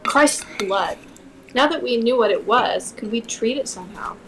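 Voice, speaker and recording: A woman's voice: on the high side, animated, moderate pace, slight background noise, low-quality recording. Woman streamer reading a novel aloud. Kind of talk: casual reading aloud on a livestream.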